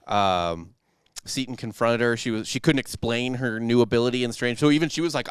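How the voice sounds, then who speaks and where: A man's voice: medium pitch, fairly quick, smooth, no room sound, clean studio sound. A young man hosting a casual comedy history podcast, telling the story in a rambling, joking way. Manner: joking, rambling storyteller, playful quoted voices.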